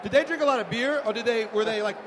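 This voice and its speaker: A man with a high voice throws rambling, enthusiastic questions at a chef during a live event. Clear crowd and room noise sits under his voice. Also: fast. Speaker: event host interviewing the chef. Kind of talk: casual interview banter.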